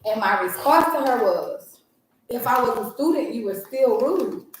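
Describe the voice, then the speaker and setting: A woman co-hosting a podcast tells a story in casual conversation, speaking unhurriedly and animatedly, acting out the people she quotes in a higher voice. The recording has slight background noise and an echoey room, with the mic far away.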